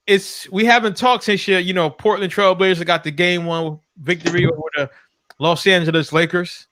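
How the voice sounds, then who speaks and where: A man hosts a casual sports podcast, his voice bright and forceful, a little higher than most men's. He keeps the talk loose and slangy. The sound is dry and close, with no room around it. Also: fairly even intonation, moderate pace, no echo. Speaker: podcast host.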